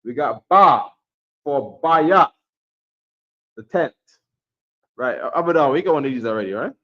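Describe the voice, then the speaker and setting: A man's voice: fairly high pitch, animated, a little slow. A man teaching a class from a chart, repeating himself and checking in with "right?" after each point, sometimes dropping to a mutter. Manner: drops to a mutter when fiddling with the camera. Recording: dull lo-fi sound.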